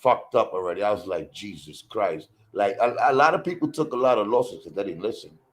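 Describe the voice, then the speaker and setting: A man's voice: lowish voice, quick pace. A man telling a story in casual profane chat, acting out the people in it. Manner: profane, animated, acts out quoted voices. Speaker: guest storyteller.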